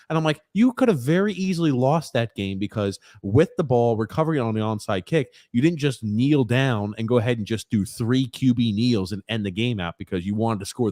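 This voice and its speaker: A man's voice: mid-range voice, a little mellow, no room sound, studio quality. A man co-hosting a casual podcast, reading out live viewer comments in a rambling way with many fillers. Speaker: podcast co-host.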